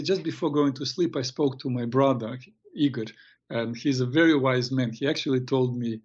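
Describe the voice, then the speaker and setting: A man hosting a radio show, giving earnest, halting health advice and telling a tale. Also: medium pitch, breathy edge, lo-fi sound. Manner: hesitant, many restarts, earnest. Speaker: radio show host and therapist. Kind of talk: advice talk and storytelling.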